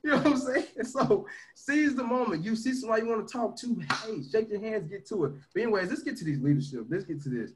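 Man, motivational livestream, slangy, energetic, loud pushes and soft asides, fairly high voice. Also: fast, few pauses, noisy background. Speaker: team leader teaching leadership.

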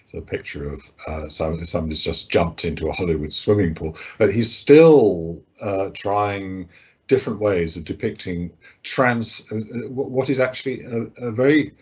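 Deep husky-voiced man, halting talk. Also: a little mellow, lo-fi sound. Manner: hesitant, many fillers and restarts. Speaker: guest speaker, art critic. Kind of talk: lecture-style talk over slides.

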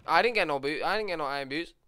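A man's voice: a little high, animated, racing, bright, forceful tone, smooth, no room sound. A young man with a lisp, teasing his partner in casual gaming banter. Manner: teasing, joking, coughs often. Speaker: streamer.

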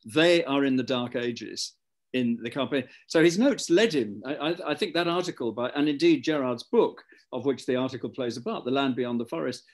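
A man co-hosting a live online book discussion over a video call, talking in a measured, lecturing way and building his points as lists. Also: medium pitch. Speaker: co-host.

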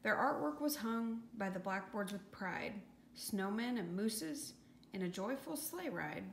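In an echoey room with faint hiss, a woman reads a rhyming children's storybook aloud from a script. Her mid-range voice is expressive and a little slow, with some vocal fry, and her delivery is lilting and sing-song.

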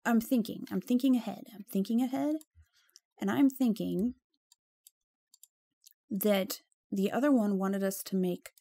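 A woman's voice: mid-range voice, vocal fry, dark tone, no echo. A woman giving casual gameplay commentary, chatty and easily flustered, jumping to exclamations and dropping into whispers when nervous.

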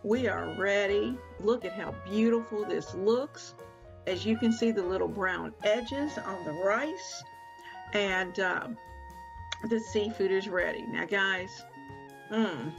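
A woman's voice: medium pitch, slow, creaky, music in the background. A woman hosting her cooking channel from her home kitchen, chatting casually as she walks viewers through each step of a recipe.

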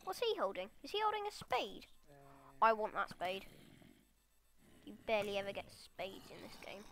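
A woman giving excitable let's play commentary, chattering at the monsters in her game. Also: medium pitch, normal speed. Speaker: gamer.

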